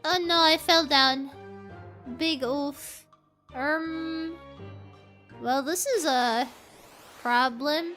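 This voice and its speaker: A woman's voice: high voice, very slow, pauses often, bright, forceful tone. A woman streaming a game and chatting casually with her viewers, reacting to the game and to chat as she plays. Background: faint game music.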